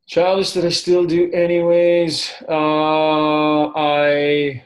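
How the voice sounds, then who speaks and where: A man who is a sports broadcaster, a podcast guest telling stories in animated, self-deprecating casual chat. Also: on the high side, extremely slow, low-quality recording.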